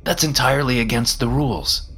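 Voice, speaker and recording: A man voicing Lucifer, a smug and mocking male devil who speaks calmly and knowingly in a horror story reading. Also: medium pitch, fairly quick, slight background noise, pitched above the performer's own voice, close to an everyday voice.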